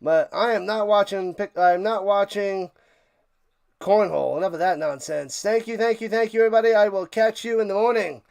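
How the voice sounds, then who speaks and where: A man hosting a sports live stream, chatting excitedly and a bit out of breath as he signs off to his viewers. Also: sits high, fairly quick, vocal fry, clean tone. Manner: excited, rambling, talks to chat viewers. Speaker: sports livestream host. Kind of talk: casual live-stream sign-off chat.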